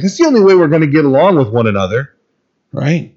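A man's voice: on the high side, big pitch swings, fast talker, darkish tone, muffled recording. Man preaching a folksy, joking sermon. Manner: conversational, humorous, chuckles often.

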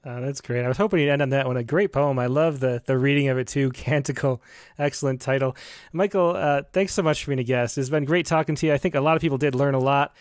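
A man hosts a conversation at a quick pace, upbeat and encouraging. His voice sits at a middling pitch and sounds close and dry. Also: no room sound. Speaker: podcast host. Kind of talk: conversational interview.

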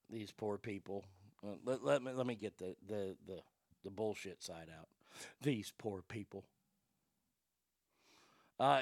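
A man's voice: mid-range voice, fairly bright tone, dry recording, studio quality. A man hosting a casual comedic talk show, blunt, crude and sarcastic as he riffs on the news.

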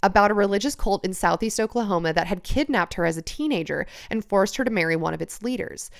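A woman's voice: medium pitch, smooth. A woman hosting a casual true-crime podcast, reading researched notes aloud between chatty asides. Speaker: podcast host.

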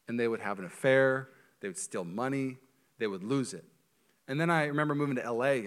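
A male pastor preaching a sermon in a church, animated and joking, with quick asides. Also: mid-range voice.

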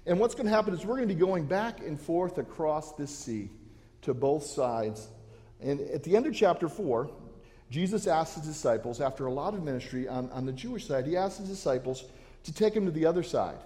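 A man's voice: fairly high pitch, lively intonation, brisk, mellow, long reverb tail. A pastor preaching a sermon to his church, earnest and given to restarting his phrases. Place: church sanctuary.

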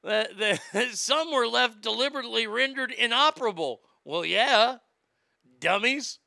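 A middle-aged man rattles through a comedic commentary in a mocking, sarcastic tone, laughing at his own jokes. His voice sits high and bright, with a gravelly rasp. It is recorded dry, with no room sound. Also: expressive, unhurried, no room sound. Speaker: host.

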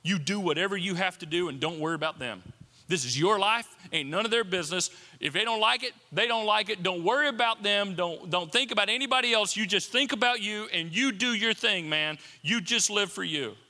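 A man voicing a smooth-talking tempter who coaxes and wheedles. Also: high voice, a little fast, sharp tone. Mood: egging on. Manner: wheedling, persuasive, dismissive. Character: coaxing smooth-talking tempter voice, male adult. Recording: long hall reverb.

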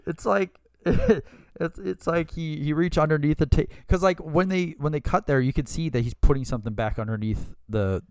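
A man's voice: on the high side, normal speed, dry recording, clean studio sound. A man co-hosting a podcast, chatting casually in a rambling way, full of fillers and laughs. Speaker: podcast co-host. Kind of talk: casual chat.

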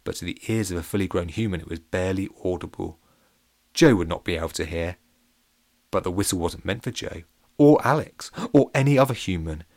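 A man's voice: deep voice, a little fast, darkish tone, no room sound, studio quality. A man narrating a children's story in a playful, wry way.

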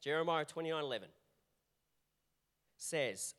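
A male pastor preaching a sermon, with a fairly high voice. He speaks in an animated, repetitive way and often restarts his phrases as he drives each point home. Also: normal speed.

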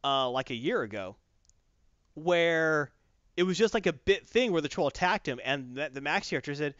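Animated male podcast host, story-retelling, lively pitch, dry close sound, muffled lo-fi. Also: brisk, dry recording. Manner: animated, acts out voices while retelling. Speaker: podcast co-host reviewing comics. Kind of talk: casual review chat with storytelling.

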